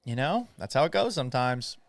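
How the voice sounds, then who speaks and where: A man's voice: medium pitch, very animated, fairly quick, creaky, no echo. A man in his thirties who grew up in Florida, hosting a casual live watch party, calling plays and reading viewer comments in a rambling, chatty way. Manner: rambling, reads viewer chat, play-by-play asides. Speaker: sports talk host.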